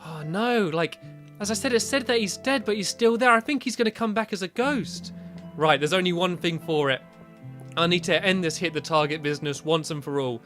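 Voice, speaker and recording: A man giving casual Minecraft let's-play commentary, excitable, breaking into yelps and squeals when panicked. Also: sits high, a little fast, faint music behind. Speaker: gaming video host.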